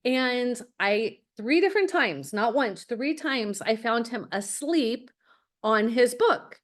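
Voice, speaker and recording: Middle-aged lady college consultant, straight-talking, tells stories, slightly high voice. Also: expressive, slow. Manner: direct, anecdotal, acts out quotes. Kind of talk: webinar masterclass talk.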